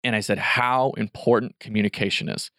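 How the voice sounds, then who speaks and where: Male host, lowish voice, upbeat and affirming, dry close-mic sound. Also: fairly even intonation, brisk, sharp tone, no room sound. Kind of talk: casual chat.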